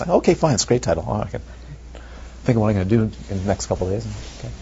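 A male meditation teacher giving a dharma talk, animated and rhetorical, sometimes dropping to near whispers, on a muffled recording. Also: lowish voice, fast talker, vocal fry. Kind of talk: dharma talk to retreat students. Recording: muffled lo-fi recording with faint noise.

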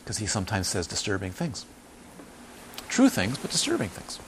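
Animated male meditation teacher. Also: lowish voice, normal speed, a little hiss or hum. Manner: animated storytelling, acts out quoted voices; emphatic repetition. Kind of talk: informal dharma talk.

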